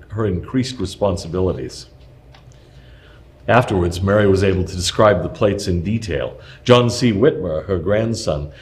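A man with a somewhat low voice reads a prepared historical text aloud. His delivery is measured and steady, with the odd small stumble as he goes. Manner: measured, steady reading with occasional slips.

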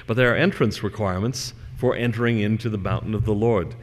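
A man giving a religious lecture and reading scripture, measured and conversational, with fillers and asides. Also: lowish voice, in a large hall.

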